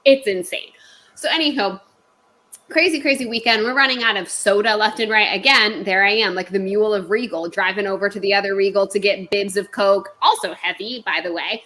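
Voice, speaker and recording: A woman's voice: mid-range voice, brisk, pushed and bright, rough recording. A woman in her thirties telling a work story in casual, profane, ranting chat as a podcast co-host.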